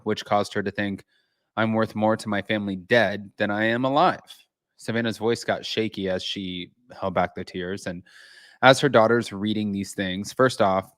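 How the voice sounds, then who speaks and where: Male host, lowish voice, dry close mic, chatty delivery reading news to viewers. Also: a bit bright, dry recording. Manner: chatty, reads news aloud. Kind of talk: casual chat. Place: home, with his cat.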